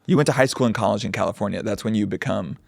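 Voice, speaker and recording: A man's voice: lowish voice, rapid-fire, creaky, no room sound. A man co-hosting a podcast in casual comedic chat, riffing with wry jokey asides. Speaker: podcast co-host.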